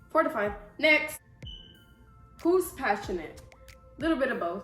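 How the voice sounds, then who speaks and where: A woman's voice: a little high, fairly bright tone. A young woman chatting casually in a vlog Q&A, rambling through a story. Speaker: YouTuber. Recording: echoey room.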